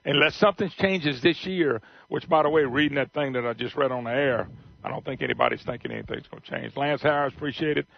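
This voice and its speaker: A man's voice: medium pitch, big pitch swings, fast talker, gravelly. A man hosting a talk radio show, blunt and folksy in casual on-air chat. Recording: dull radio broadcast sound.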